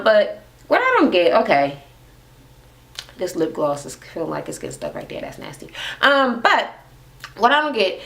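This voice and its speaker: Sassy young woman ranting about a reality show, swears a lot, super animated. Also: mid-range voice. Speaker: reality TV recap YouTuber. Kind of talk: casual rant.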